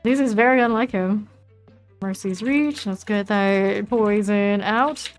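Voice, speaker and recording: A woman with a Southern US accent, casually commenting while she plays a game, chatty and relaxed as she reads out item names. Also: medium pitch, slow, soft background music. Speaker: streamer.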